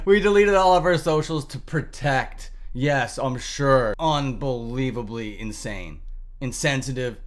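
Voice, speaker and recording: A man's voice: on the high side, fairly bright tone. A young man hosting a reaction commentary, talking in a sarcastic, exasperated way, swearing often and laughing in disbelief. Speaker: commentary channel host.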